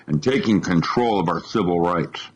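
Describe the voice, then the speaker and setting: A man's voice: sits low, moderate pace, breathy edge, highs cut off. A man speaking as a radio show guest, alarmed and emphatic, restarting phrases as he hunts for words. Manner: alarmed, emphatic, repeats himself when searching for words. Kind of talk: talk radio interview.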